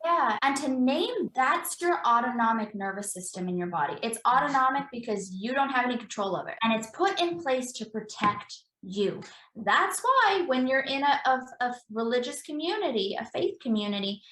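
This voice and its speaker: A woman's voice: a little high, sing-song, normal speed, sharp tone. Brief: woman guest, embodiment practitioner, earnest explanatory talk, echoey room sound. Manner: earnest, explanatory, repeats phrases for emphasis. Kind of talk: conversational podcast interview.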